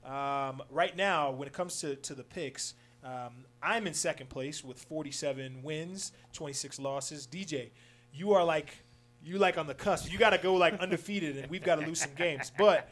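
A man's voice: on the high side, normal speed, fairly bright tone. A man hosting a casual radio sports show, upbeat and loose, with lots of fillers. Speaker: sports talk show host.

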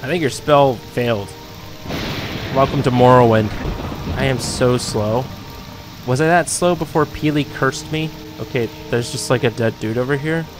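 A man giving excitable let's-play commentary, riffing as he explores a video game, with sudden jumps in pitch. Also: moderate pace. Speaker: gaming YouTuber. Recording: game music behind.

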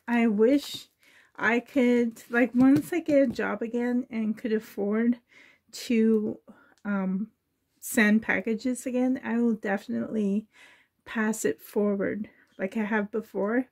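A woman's voice: a little high, a little mellow. A woman vlogger chatting casually while unboxing, her voice shaky and emotional as she gushes with tearful gratitude. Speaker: doll-collecting vlogger.

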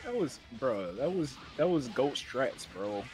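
A man playing a fighting game live, excitable and laughing, with yelps as he plays. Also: medium pitch, a little slow, music in the background. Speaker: player. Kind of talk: live gameplay banter.

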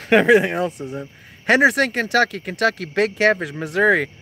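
Bright, high-voiced young man on a night creek. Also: lively intonation, a little fast, slight background noise. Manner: teasing, reads viewer comments aloud. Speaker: fishing show host. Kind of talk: casual live-stream chat. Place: creek bank outdoors at night.

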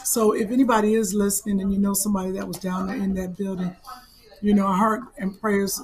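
A woman's voice: medium pitch, flat delivery, a little mellow. Earnest woman podcast co-host. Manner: halting and earnest, then joking. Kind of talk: casual comedic podcast chat.

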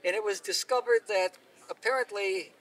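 A man telling a folk tale aloud at an outdoor event, unhurried and expressive, recorded from a distance. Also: high-pitched. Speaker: storyteller. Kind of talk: oral storytelling.

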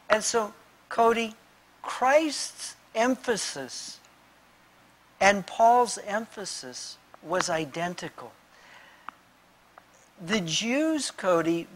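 A man's voice: sits high, fairly bright tone, a little hiss or hum, poor audio. A male pastor answering questions in a Bible discussion, often calling his interviewer by name and restarting his sentences as he explains with everyday examples and quoted verses.

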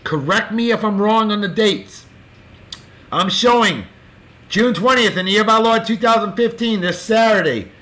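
A man hosting a casual show, giving boisterous, jokey birthday shout-outs in a folksy way. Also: sits high, moderate pace. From California. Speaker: show host.

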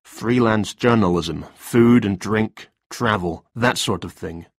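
A man's voice: fairly low pitch, takes it slowly, no echo, clean studio sound. A man voicing a nervous male freelance writer in a story reading, talking in a hesitant, defensive way.

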